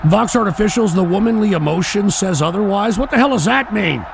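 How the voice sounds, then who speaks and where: A middle-aged man hosts a live political stream from a home studio mic, swearing freely and snapping back at his chat. His voice sits high and gravelly, and his pitch swings wildly from line to line. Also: expressive, a little fast, background noise. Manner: profane, combative, ranting at chat commenters. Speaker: talk show host.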